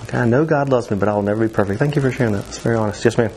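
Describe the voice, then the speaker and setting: A man's voice: medium pitch, very fast, darkish tone, slight background noise. A man teaching a church youth class in a casual way, with lots of fillers, restarts and easy laughs. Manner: chatty, many fillers and restarts, laughs easily.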